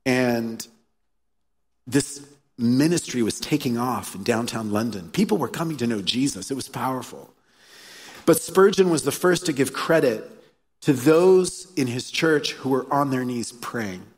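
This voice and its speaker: This pastor's voice is medium in pitch, expressive and slightly rough, moving at a measured pace. He preaches earnestly, telling stories and returning to key phrases, captured live in an echoing church hall.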